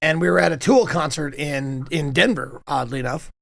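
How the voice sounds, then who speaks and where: A young man hosting a chat with his mother, telling stories in a casual, animated way and laughing often. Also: on the high side, normal speed, creaky. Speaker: host interviewing his mother.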